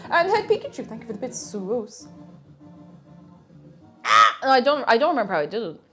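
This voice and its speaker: A woman's voice: fairly high pitch, wildly swooping pitch, brisk, music in the background. A woman chatting casually and giggling while cooking at home on a live stream. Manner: chatty and giggly, breaks into silly noises.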